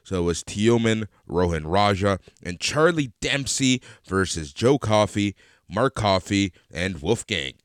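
A man's voice: on the low side, expressive, measured pace, smooth, no room sound, clean studio sound. A man co-hosting a podcast, chatting casually and expressively about a wrestling show, swearing and laughing a lot. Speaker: podcast co-host. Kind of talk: casual wrestling recap chat.

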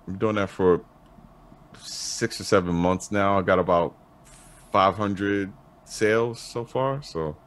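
A man talking as a guest in a casual interview, laid-back and halting, with many restarts and fillers. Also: sits low. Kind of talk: casual podcast chat.

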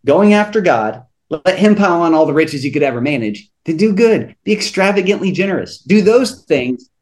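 A man's voice: fairly high pitch, moderate pace. A man, a returning guest on a podcast, talking earnestly and telling stories about faith and money, often restarting his sentences. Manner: earnest, animated storyteller with frequent restarts. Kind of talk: faith-based podcast conversation.

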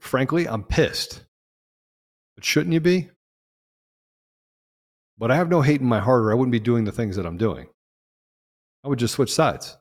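A man hosting a political talk show, speaking in an impassioned monologue that swings from loud peaks to low asides. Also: in a large hall. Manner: emphatic, rising to loud peaks and dropping low. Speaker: podcast host.

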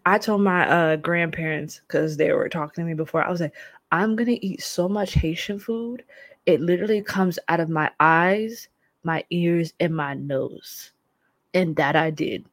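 Give me a young woman vlogging, animated and dramatic, with a dry, close sound. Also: fairly low pitch, moderate pace, dry recording. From United States. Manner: animated and dramatic, slangy exclamations. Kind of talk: casual storytelling to viewers.

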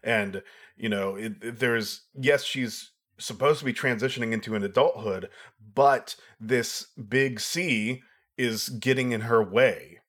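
A man's voice: mid-range voice, measured pace, a bit bright. A man co-hosting a casual film review chat, explaining his views thoughtfully and at length. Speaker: podcast co-host.

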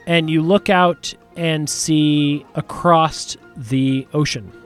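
A man narrating as game master, describing the scene in a relaxed, hedging way. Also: a little high, slow, soft background music. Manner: relaxed, descriptive, many hedges.

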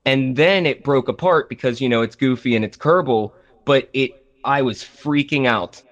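A man's voice: mid-range voice, moderate pace. Rambling man on a dull lo-fi mic. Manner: rambling, enthusiastic, many fillers and restarts. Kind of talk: casual podcast chat about games. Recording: slightly dull lo-fi audio.

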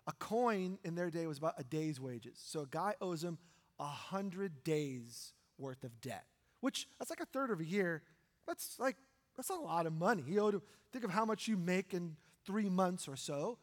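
A man preaching a sermon as pastor, animated and acting out voices from the story. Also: high-pitched. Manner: animated, acts out the parable's voices. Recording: long hall reverb.

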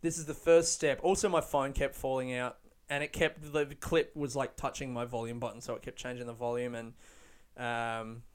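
A man's voice: medium pitch, little pitch movement, moderate pace, clean tone. Laid-back man on a podcast. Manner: laid-back, rambling, laughing. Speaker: podcast host. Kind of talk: casual podcast chat. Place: outdoors under a tree.

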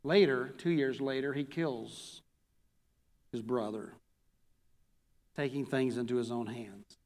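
A man preaching a sermon, reading a scripture passage aloud and then reviewing it slowly as a pastor. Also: mid-range voice, a little mellow. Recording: long hall reverb.

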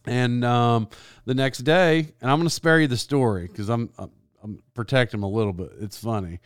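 A man's voice: mid-range voice, normal speed, clean tone, no room sound, studio quality. A sports announcer telling a long rambling story in a casual, self-deprecating way, laughing as he goes.

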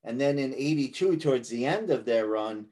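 A man's voice: mid-range voice, lively intonation, moderate pace, darkish tone. A middle-aged man in casual sports chat, nostalgically reminiscing about his youth.

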